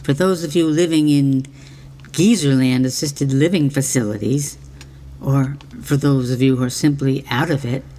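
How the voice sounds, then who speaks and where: A woman's voice: a bass voice, fairly even intonation, normal speed, warm tone, long reverb tail. A woman reading a scripted comic monologue in a mock-earnest, playful way. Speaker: narrator of a mock book trailer.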